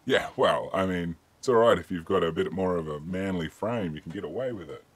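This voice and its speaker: A very deep, husky-voiced man from Australia hosts a casual chat. He is easygoing, laughs a lot and lets swear words slip out freely. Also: brisk. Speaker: host.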